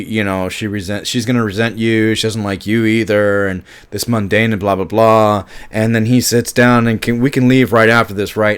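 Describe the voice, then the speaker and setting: Passionate swearing man reviewing a film. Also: on the low side. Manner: emphatic and passionate, frequent swearing and restarts. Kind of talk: casual film review monologue.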